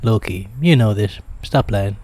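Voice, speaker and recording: A man's voice: lowish voice, unhurried, mellow. A man from Jamaica hosting a reaction video, giving blunt, teasing commentary on a clip. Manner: blunt, teasing, no-holds-barred.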